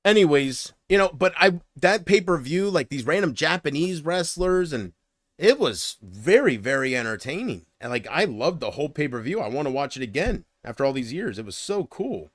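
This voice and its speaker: A man's voice: fairly high pitch, big pitch swings, normal speed, no echo, clean studio sound. A man hosting his own livestream, chatting casually in a rambling, profane way and laughing at his own jokes. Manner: breaks into loud mocking impressions. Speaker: livestream host.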